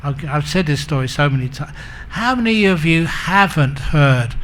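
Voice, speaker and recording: A man's voice: on the high side, expressive, moderate pace, fairly bright tone, slight background noise. A man giving a humorous Buddhist dharma talk as a monk teacher, telling stories and acting out the characters. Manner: humorous, self-mocking.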